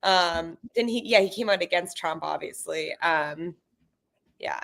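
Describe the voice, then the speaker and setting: A woman's voice: fairly low pitch, measured pace, creaky, a bit bright. A woman guesting on a podcast, chatting casually and upbeat with lots of "like". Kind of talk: casual chat.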